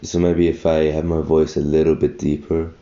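An extremely low, dark, level-toned male voice comes through at a moderate pace with lo-fi sound. A tired young man who just woke up rambles in a casual solo podcast, thinking aloud and correcting himself.

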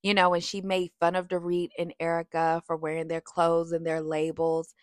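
A woman's voice: lowish voice, moderate pace, no echo, clean studio sound. A woman giving a sassy, chatty recap of a reality TV show, talking straight to her viewers. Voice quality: animated, sassy, breaks into sung lines. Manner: chatty, addresses viewers as y'all. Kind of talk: casual opinionated recap.

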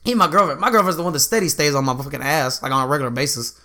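Fast-talking bright young man. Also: a little high, lively intonation. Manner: profane, slangy storytelling with quoted asides. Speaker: podcast co-host. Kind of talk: casual chat.

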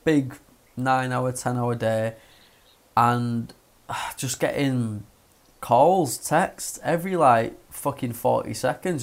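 A man's voice: mid-range voice, moderate pace. Sweary young guy telling a story. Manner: sweary, animated, acts out voices in his stories. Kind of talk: casual storytelling chat.

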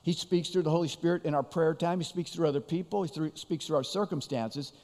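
A man's voice: on the high side, fairly even intonation, a little fast, a little mellow, in a large hall. A man preaching a sermon as pastor, in a conversational way with frequent repeated words and restarts.

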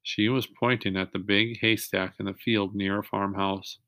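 Man reading a children's book aloud, low-voiced. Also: gravelly, no room sound, clean studio sound. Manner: steady read-aloud, pausing to ask young listeners questions. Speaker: reader.

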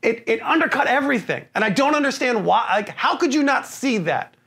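A man co-hosting a casual film review podcast, ranting with profanity, laughing through his complaints and mocking the characters in quick put-on lines. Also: extremely high pitch, sing-song, gravelly, fairly bright tone. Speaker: podcast co-host.

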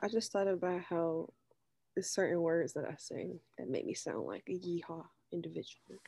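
A woman's voice: fairly low pitch, animated, moderate pace, gravelly, warm tone, slightly rough, no echo. A woman in casual chat with friends, laid-back and dry while playing a rhyming word game.

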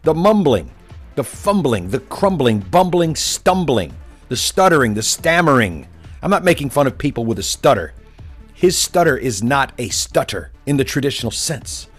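A man's voice: medium pitch, sing-song, normal speed, breathy edge, soft background music. A man hosting a political commentary show, talking in a sarcastic, derisive and emphatic way.

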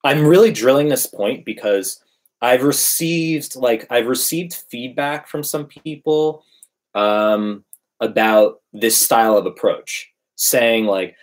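A man's voice: mid-range voice, takes it slowly. A man in casual conversation, emphatically preaching his dating advice. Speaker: dating coach. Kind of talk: casual podcast chat.

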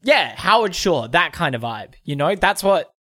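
A man's voice: fairly high pitch, sing-song, normal speed, bright, forceful tone, no echo, clean studio sound. Jokey sweary man. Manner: jokey, swears a lot, laughs often. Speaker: podcast co-host and editor. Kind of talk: casual chat.

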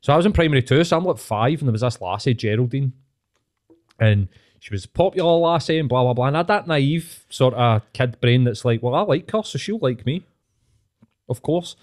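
Young scottish man, podcast host, animated storytelling, middle pitch. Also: fairly quick. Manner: animated storytelling, swearing, laughing often. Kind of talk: casual chat.

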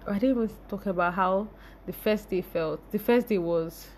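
A young woman hosting a podcast, telling a personal story in a lively, expressive way and laughing often. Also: mid-range voice, normal speed, a little hiss or hum. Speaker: podcast host.

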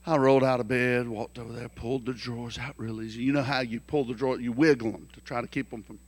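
A man preaching a sermon through folksy, joking stories, animated and lively. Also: medium pitch, quick pace. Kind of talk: storytelling sermon.

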